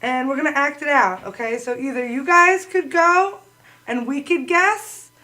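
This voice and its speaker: A woman's voice: sits high, a little slow, pushed and bright, low-quality recording. A woman co-hosting a comedy show, telling jokes and introducing a game in a bubbly way. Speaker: co-host.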